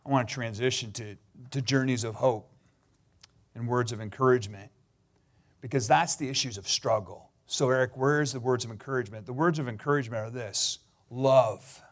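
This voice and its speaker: A middle-aged pastor from Canada giving a sermon, telling personal stories in an earnest, sometimes emotional way. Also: male voice, mid-range voice, normal speed.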